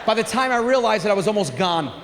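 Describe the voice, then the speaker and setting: A man in his forties doing a crude, animated stand-up comedy set on a theater stage, with shouted punchlines. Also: sits high, fast talker, noisy background. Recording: live theater recording with long reverb.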